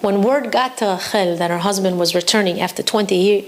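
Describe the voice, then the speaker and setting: A woman Torah teacher telling a story from tradition in a lively, expressive way for her lesson. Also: mid-range voice, fairly quick.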